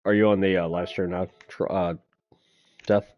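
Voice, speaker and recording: A man's voice: deep voice, little pitch movement, normal speed, lo-fi sound, slight background noise. A man hosting a casual gaming stream, teasing and joking with his friends over voice chat. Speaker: streamer host.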